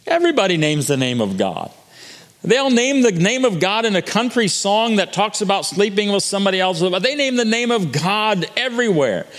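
A man's voice: high-pitched, big pitch swings, normal speed, fairly bright tone, long reverb tail. A man preaching a sermon as pastor, earnest, restarting and repeating words as he goes.

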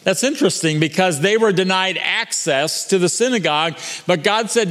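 High-voiced preacher in a reverberant hall. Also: male voice, normal speed, few pauses, a bit bright. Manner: earnest preaching with frequent restarts and repetitions. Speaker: pastor. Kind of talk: sermon.

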